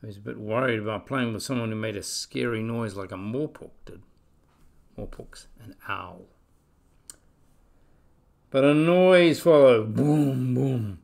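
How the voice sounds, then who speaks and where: Gravelly man reading a children's story. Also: mid-range voice, unhurried, long pauses. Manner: expressive, dropping to whispers for scary parts. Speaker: story reader.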